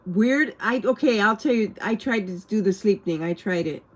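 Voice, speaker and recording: A woman's voice: medium pitch, normal speed. A woman rambling casually on a livestream, answering questions from viewers.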